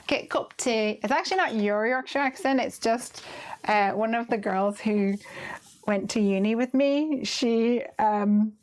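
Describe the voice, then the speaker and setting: A woman hosting a live card-making stream, chatting casually as she works, reading viewer comments aloud and laughing often. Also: a little high. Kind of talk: casual chat while crafting.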